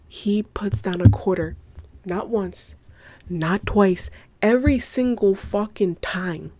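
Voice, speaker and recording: A woman hosting a casual solo podcast, gushing excitedly, swearing a lot in slangy talk and giggling. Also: mid-range voice, unhurried. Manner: giggly, breaks into laughter. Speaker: podcast host.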